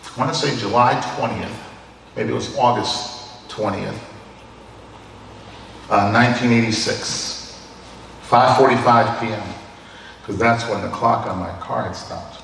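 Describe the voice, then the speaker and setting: A man's voice: medium pitch, measured pace, gravelly, pauses often, a bit bright, a little hiss or hum. A man in his sixties preaching a sermon, telling personal stories in a conversational way and often chuckling. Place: church hall. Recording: echoey hall from a distant mic.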